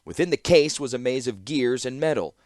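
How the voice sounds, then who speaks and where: A man narrating a fantasy audiobook with expressive storytelling. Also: medium pitch, a little fast, dry recording, studio quality. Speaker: audiobook reader.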